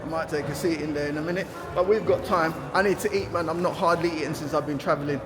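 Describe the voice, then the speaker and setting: A man from East London with an East London accent, vlogging in a chatty, animated, slangy way, talking outdoors by a stadium. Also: fairly high pitch, quick pace, crowd noise. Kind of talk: casual vlog talk to camera.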